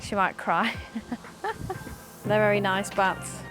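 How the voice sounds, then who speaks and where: A woman's voice: mid-range voice, flat delivery, slow pace. A woman cricketer, giving candid, chatty interview answers with easy laughter. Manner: chatty and upbeat, laughs easily. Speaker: professional cricketer. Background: background music.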